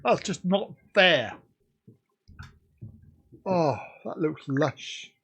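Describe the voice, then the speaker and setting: Guy chatting on his live stream, slow easy pace, high voice, joking with viewers. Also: expressive, vocal fry, a bit bright, breathy edge. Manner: jokey, reacting to viewer comments. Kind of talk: casual live stream chat.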